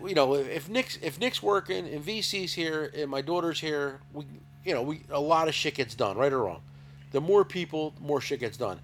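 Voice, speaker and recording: A man's voice: fairly high pitch, slight background noise. A middle-aged man hosting a casual podcast, talking in a rambling, profane way with many repeated words. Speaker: podcast host, tool shop owner. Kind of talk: casual chat.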